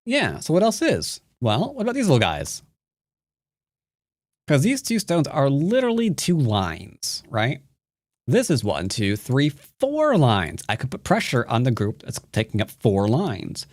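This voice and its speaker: A man's voice: medium pitch, wildly swooping pitch, a little slow, no room sound, studio quality. A man teaching Go while he plays a game live, commenting with jokes and silly asides. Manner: playful, jokey, breaks into silly sing-song nonsense.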